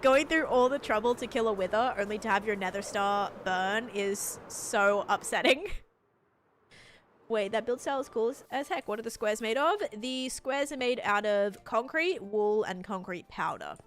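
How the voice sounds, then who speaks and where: A woman's voice: a little high, a bit bright. Chatty young woman streaming a game. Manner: rambling and chatty, many "like" fillers; patiently over-explaining to chat. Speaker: live streamer. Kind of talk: casual live gameplay chat, answering viewers.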